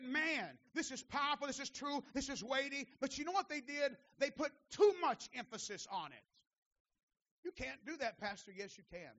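Delivering a sermon in an extremely high-pitched voice, this pastor climbs from calm instruction to impassioned shouting, then sinks into soft asides, repeating phrases to drive points home. The audio is dull.

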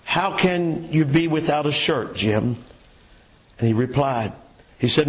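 A man preaching a sermon and reading a story aloud, folksy and unhurried, with many fillers and repeated words. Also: on the high side, expressive, rough recording.

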